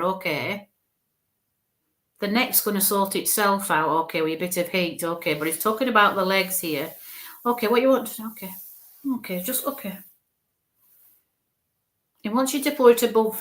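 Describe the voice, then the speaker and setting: A woman's voice: medium pitch, normal speed, pauses often, fairly bright tone. A woman working as a spirit medium, giving a live reading to viewers in a chatty, reassuring way. She thinks aloud as she relays what she senses, with many "okays" and "bless yous". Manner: chatty and reassuring, full of "okay" and "bless you".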